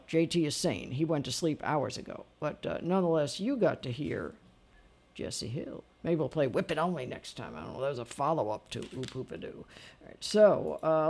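A man hosting a late-night radio music show, chatty and quick to laugh as he talks with callers. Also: fairly high pitch, a little mellow. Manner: chatty, with frequent laughs and asides. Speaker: radio DJ and host. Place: radio studio.

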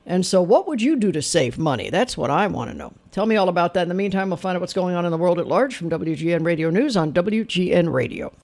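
A man's voice: sits high, animated, fast talker, gravelly, hardly any pauses, darkish tone. An older man hosting a radio talk show, telling a wry, opinionated story in a conversational way. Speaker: radio host.

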